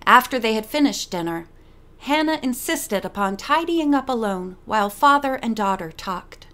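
A woman narrating a mystery novel for an audiobook in a steady storytelling manner. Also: a little high, moderate pace. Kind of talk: scripted narration.

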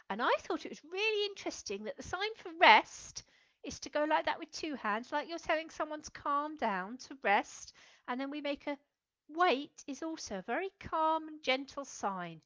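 A woman leading a children's lesson, speaking slowly and gently and acting out feelings for her young viewers. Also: high-pitched, lively intonation, dry recording. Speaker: children's club leader.

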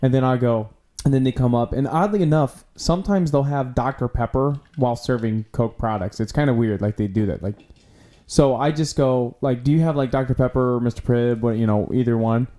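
A man's voice: mid-range voice, brisk, mellow. A man co-hosting a casual podcast, giving strong opinions in dry, easygoing banter. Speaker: podcast co-host.

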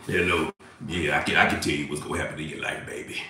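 A man voicing a low-voiced male psychic hotline worker who drawls and croons in a hushed tone. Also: flat delivery, fast, distant mic, slight background noise. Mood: crooning. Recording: echoey room, away from mic.

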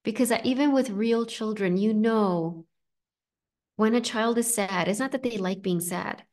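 Gentle, reassuring woman coach. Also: medium pitch, measured pace. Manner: gentle, reassuring, conversational with frequent fillers. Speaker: inner child coach. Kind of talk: live coaching session, reading chat comments.

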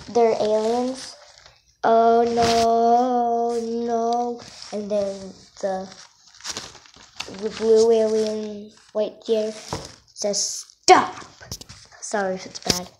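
A woman casually showing off her drawings, halting and self-conscious, often apologizing. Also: mid-range voice. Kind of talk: casual show-and-tell. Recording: noisy home recording.

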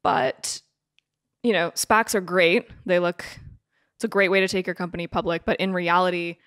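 Low-voiced, chatty female podcast co-host. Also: normal speed, clean tone, no echo, clean studio sound. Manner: laughs often, animated, chatty. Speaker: podcast co-host, financial advisor. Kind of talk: casual podcast chat.

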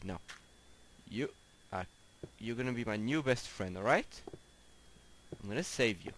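Speaking in a mid-range voice with big pitch swings, this man takes his time, leaving long pauses as he chats through his gameplay, easily exasperated and sweet-talking the animals he meets. The audio is poor, a home setup with clear background noise and clicks.

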